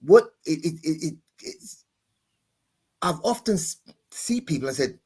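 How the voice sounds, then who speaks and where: A man speaks as a guest pastor in a relaxed panel chat. His voice sits a little high. He stumbles and restarts often, and now and then he sings out a note to make a point. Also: slightly rough. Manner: halting, many restarts, demonstrates voices and chants. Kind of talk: conversational explanation on a panel.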